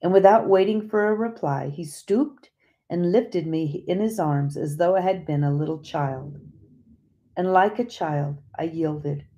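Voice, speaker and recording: Woman audiobook narrator: low, mellow, calm and measured. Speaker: audiobook reader. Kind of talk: scripted narration.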